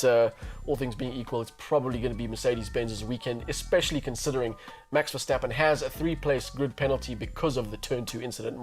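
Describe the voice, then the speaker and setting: Fast-talking male motorsport pundit. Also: medium pitch, a little mellow. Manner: analytical, explanatory, with fillers. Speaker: Formula One pundit. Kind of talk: sports analysis chat.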